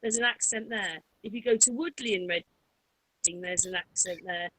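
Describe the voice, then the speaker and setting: A woman's voice: mid-range voice, moderate pace, a bit bright, rough recording. A woman from Berkshire chatting on a podcast, asking questions and adding her own stories. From Berkshire, England. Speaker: podcast co-host. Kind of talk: casual podcast chat.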